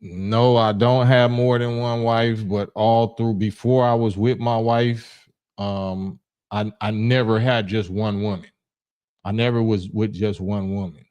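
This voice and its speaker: A man's voice: on the low side, fairly even intonation, measured pace, a little mellow, clear, resonant tone, dull audio. A middle-aged man from Los Angeles hosting a livestream call-in, talking bluntly in casual street slang with frequent restarts. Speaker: livestream host.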